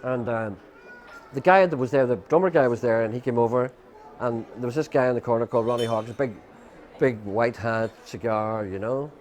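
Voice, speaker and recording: A man's voice: mid-range voice, fairly quick, darkish tone. An Irish man, a guest musician, telling a long rambling anecdote, quoting people's lines and filling with "you know".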